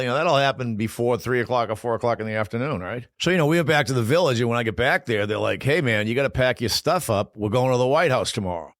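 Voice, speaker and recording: A man in his sixties from Boston, a guest telling lively stories in a casual interview and acting out what people said. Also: mid-range voice, dry recording, studio quality. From Boston, United States. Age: 60s. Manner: animated storyteller who acts out quoted voices. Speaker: guest, former Olympic hockey player.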